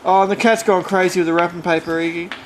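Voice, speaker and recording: A woman's voice: fairly low pitch, steady tone, fast talker. Playful woman filming her pets. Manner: playful, exclaiming, teasing pets, barking woofs. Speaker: pet owner filming her kitten. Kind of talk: casual home-video commentary. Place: holiday home, indoors. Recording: echoey room with clear background noise.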